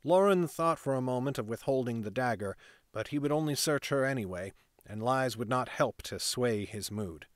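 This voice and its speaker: A man's voice: mid-range voice, normal speed, dry recording. Dry, close male fantasy narrator. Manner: steady reading with casual off-script asides. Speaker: narrator reading a novel aloud.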